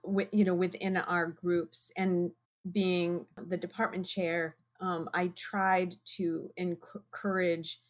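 Woman, science department chair, slow deliberate speech, lowish voice, measured and thoughtful. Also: little pitch movement. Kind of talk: casual conversation.

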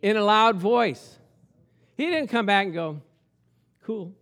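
A male pastor preaching a sermon, animated and storytelling, at times shouting. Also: high voice, unhurried.

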